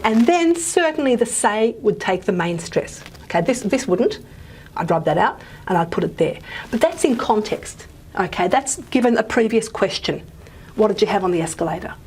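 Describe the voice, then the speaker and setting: A woman's voice: medium pitch, a little mellow, a little hiss or hum. Chatty woman lecturing on phonetics. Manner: chatty, checks in with "okay?".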